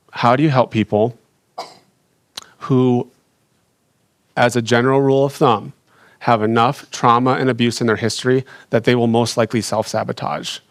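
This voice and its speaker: A young adult man sharing a personal faith story, earnest and halting, with frequent restarts and fillers. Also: mid-range voice, fairly even intonation, gravelly, no room sound. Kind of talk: reflective personal testimony.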